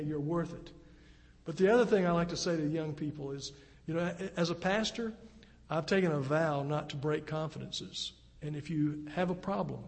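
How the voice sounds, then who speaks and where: A man's voice: fairly high pitch, a little mellow. A middle-aged male pastor preaching an earnest, conversational sermon in a church. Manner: earnest, conversational preaching with dramatic acted quotes. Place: church sanctuary. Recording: long reverb of a church hall.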